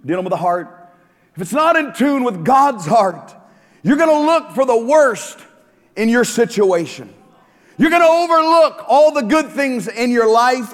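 High-voiced joking pastor preaching. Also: male voice, long reverb tail. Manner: joking, emphatic, talks to the congregation. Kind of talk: sermon.

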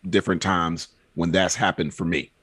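A man's voice: low voice, flat delivery, normal speed, fairly bright tone, no echo. A man chatting on a podcast, telling rambling personal stories with frequent fillers. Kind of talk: casual podcast chat.

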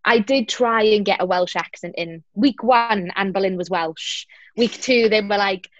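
A woman's voice: medium pitch, moderate pace, no echo. Chatty woman, dull dry recording. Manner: chatty, animated, acts out quoted lines. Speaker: interview guest, stage actress. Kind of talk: casual interview chat.

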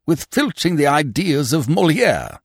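A man's voice: mid-range voice, huge pitch swings, a little slow, dry recording, clean studio sound, voice pushed up. A man voicing a pompous, portly male troupe leader who blusters and takes offence. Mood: indignant. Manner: blustering, indignant. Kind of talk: audiobook character voice.

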